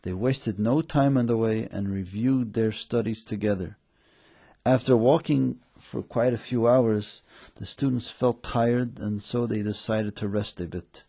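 A man's voice: measured pace, gravelly. A man narrating a story in storybook style, raising his voice for the characters' lines. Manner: voices characters with lifted excited pitch.

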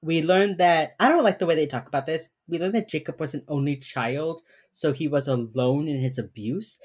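A woman's voice: sits low, moderate pace, a little mellow, breathy edge. A young woman co-hosting a podcast, chatting casually through a TV episode recap, swearing freely and acting out the characters' lines. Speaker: podcast co-host.

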